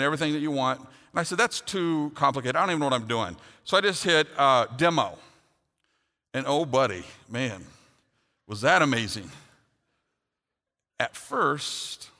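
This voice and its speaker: A man's voice: fairly high pitch, pushed and bright. A middle-aged man preaching a sermon, earnest and then telling a funny personal story. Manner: earnest, builds to humorous storytelling. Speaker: pastor. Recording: long hall reverb.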